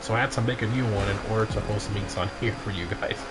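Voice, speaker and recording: A man hosting a casual gaming livestream, reacting loudly to races and chatting with viewers; he sounds tired. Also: lowish voice, fast, very noisy. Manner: excitable, frequent exclamations during races. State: tired, yawning. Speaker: livestream host of game car meets.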